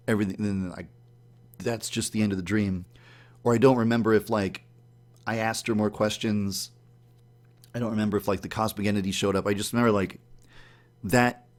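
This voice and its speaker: A man telling the story of a dream in a casual, animated way, acting out his own startled reactions in a higher voice. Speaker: YouTube channel host.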